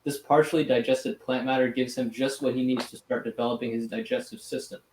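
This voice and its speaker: A man reads a prepared rant in a sardonic deadpan, throwing in crude asides. The voice sits in a roomy, echoing space with a faint hiss. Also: mid-range voice, fairly quick. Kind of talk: reading a scripted rant. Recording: roomy echo, faint noise.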